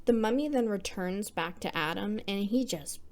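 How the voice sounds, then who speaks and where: A woman's voice: mid-range voice, lively intonation, moderate pace, a little hiss or hum. A young woman hosting a scripted horror movie recap, irreverent and slangy, dropping muttered asides.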